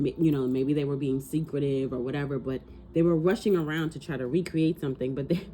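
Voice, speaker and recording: A woman giving an animated, casual tarot reading, swearing freely and talking aloud to spirit. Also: very deep voice. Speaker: tarot reader.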